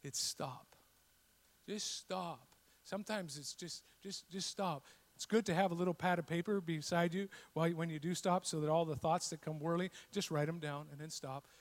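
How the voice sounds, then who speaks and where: A man preaching a sermon, telling a scripture story and building to loud, passionate repetition. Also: on the high side, fairly even intonation, normal speed. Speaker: pastor.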